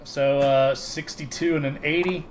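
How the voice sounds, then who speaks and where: A man's voice: a little high, steady tone, measured pace, a little hiss or hum. A man co-hosting a casual podcast chat who rambles and restarts his sentences, recorded over a video call. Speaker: podcast co-host.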